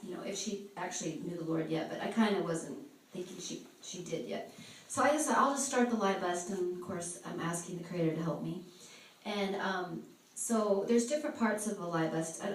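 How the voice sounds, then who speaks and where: A woman sharing a live church testimony with a group, animatedly acting out the voices of the people in her story. She is recorded on a phone from across the room. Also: mid-range voice. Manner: animated storyteller who acts out quoted speech. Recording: echoey room, distant phone mic.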